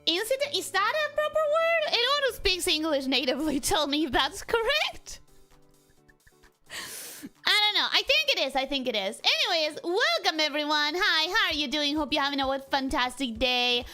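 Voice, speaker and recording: Bubbly high-voiced woman streamer. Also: very animated, pushed and bright, soft background music. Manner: bubbly, greets viewers in a repeated welcome routine; rambling, self-deprecating, quick to laugh. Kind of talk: casual livestream chat.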